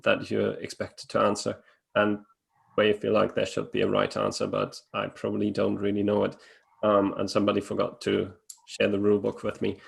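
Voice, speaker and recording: Low, gravelly man hosting a webinar. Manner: hesitant, many fillers and restarts. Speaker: webinar host. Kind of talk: casual webinar talk.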